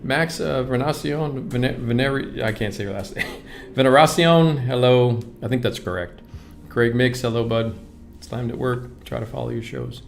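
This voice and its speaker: A man's voice: medium pitch, fairly even intonation, moderate pace, creaky, few pauses, a little hiss or hum. A man hosting a live stream, greeting viewers and reading their comments aloud in a casual, upbeat way. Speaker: livestream host.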